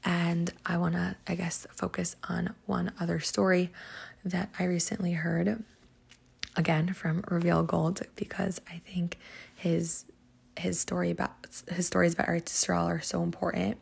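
Creaky-voiced woman telling a story. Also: lowish voice, level tone, moderate pace. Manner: chatty, filler-heavy, lots of "like" and "um". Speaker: podcast host teaching Psalms. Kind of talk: casual storytelling lesson.

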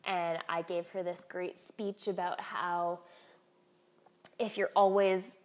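A woman's voice: fairly low pitch, flat delivery, slow pace, a little mellow. A woman in her thirties in casual podcast chat, telling candid everyday stories with frequent fillers.

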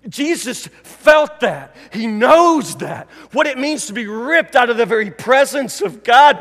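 A pastor giving a sermon, preaching emphatically and repeating key phrases, dropping from loud to hushed. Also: male voice, very high-pitched, very animated, a little slow, hardly any pauses, long reverb tail.

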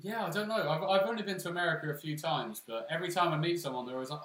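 Relaxed English man, slightly high. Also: rapid-fire. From England. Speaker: podcast co-host. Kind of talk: casual chat. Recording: roomy echo with faint ambience.

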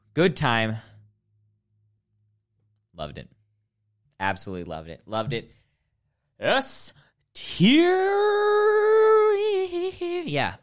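A man's voice: medium pitch, fairly bright tone, clean tone. A man hosting a podcast, delivering a mock-serious, sarcastic comedic rant that rambles and breaks into sudden outbursts. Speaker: podcast host ranking films.

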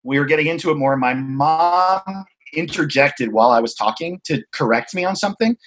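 Candid, swearing man with a higher voice. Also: lively intonation, fairly bright tone. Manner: frank, swears freely, halting and reflective. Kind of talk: candid conversational storytelling.

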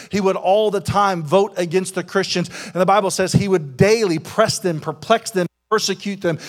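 A male pastor preaching a sermon to a congregation, with call-and-response and fervent prayer. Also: high voice. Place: church service with congregation.

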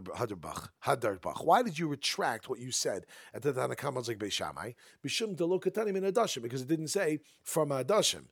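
A man's voice: medium pitch, dry recording. A man teaching a Talmud lesson, reading the text in a sing-song study chant and explaining each phrase in casual English.

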